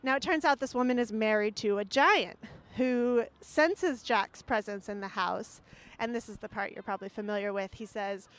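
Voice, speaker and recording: Woman, comic storytelling, animated, jokey asides, slightly high voice. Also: moderate pace, clean tone.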